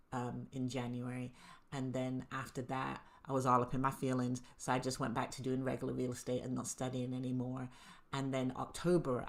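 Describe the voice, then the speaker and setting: Very low-voiced woman telling her story. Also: gravelly, darkish tone. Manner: candid storytelling, laughs often. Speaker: co-host. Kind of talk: casual chat.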